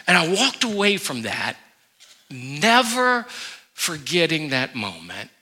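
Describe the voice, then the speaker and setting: Bright-voiced high preacher telling a story. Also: male voice, slow pace. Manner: animated storytelling, acting out his own anger then quiet remorse. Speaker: pastor. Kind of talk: sermon with a personal story. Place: church sanctuary.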